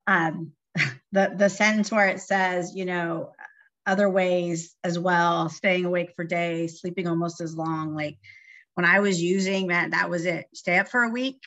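A woman sharing casually and haltingly at a recovery meeting. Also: on the low side, steady tone, a bit bright, dull audio.

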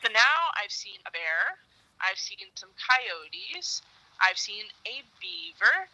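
In a low-quality recording of a relaxed, phone-style interview chat, a woman recounts her cross-country cycling trip. She speaks slowly but tells it with lively animation, breaking into sudden high-pitched bursts.

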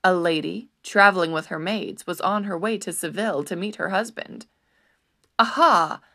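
A woman narrating a storybook in an expressive, animated storytelling manner. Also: fairly low pitch, moderate pace, vocal fry.

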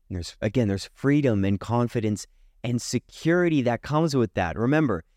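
A man hosting a spoken self-help podcast, talking casually and reflectively, acting out inner doubts with sudden jumps in pitch. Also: darkish tone, dry recording, studio quality. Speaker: anxiety coach and podcast host.

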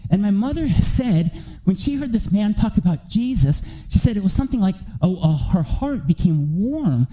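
Bright high-voiced man preaching. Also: normal speed, rough recording. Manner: storytelling, animated, rising to near-shouting. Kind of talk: sermon testimony.

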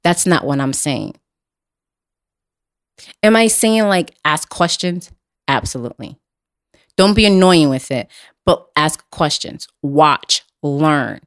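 A woman's voice: low voice, lively intonation, slow, long pauses. Blunt, emphatic woman host. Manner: blunt, emphatic, profane, repeats herself. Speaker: podcast host. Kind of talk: casual chat.

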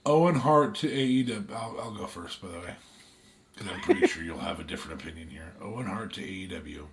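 A man with a lowish voice and a gravelly, fry-laden edge, talking on a casual podcast. He hedges and restarts often, filling gaps with ums while he works through his opinions. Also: lively intonation, fairly quick. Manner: hesitant, many ums and restarts. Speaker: podcast co-host.

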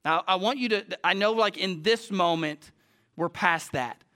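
A man preaching a sermon as pastor, emphatic, swinging from loud declarations to hushed storytelling. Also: high voice, measured pace.

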